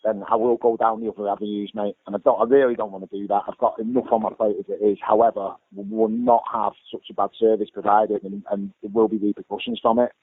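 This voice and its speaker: A man's voice: fairly low pitch, flat delivery, fast talker, few pauses, dry recording. A man, a small gym owner, complaining bluntly about a phone fault and swearing between calls. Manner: exasperated, heavy swearing, blunt. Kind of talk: phone complaint and ranting asides. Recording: lo-fi phone-like sound with faint music.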